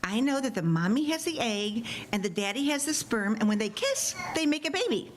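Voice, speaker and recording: A woman voicing her excitable pre-teen daughter, wide-eyed and pleading, as she reads her story aloud. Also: a little high, a little fast, slight background noise. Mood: proud. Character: excited pre-teen girl, naive and dramatic.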